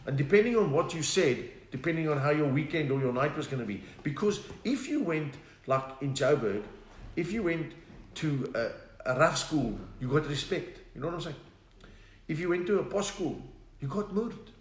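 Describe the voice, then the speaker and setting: A man's voice: fairly high pitch, lively intonation, moderate pace, a little hiss or hum. Chatty South African man, roomy lounge. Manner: chatty, reads viewer comments aloud, slips into put-on voices for jokes. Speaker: comedian hosting a livestream. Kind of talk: casual live-stream chat and stand-up storytelling. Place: lounge at home, on the couch.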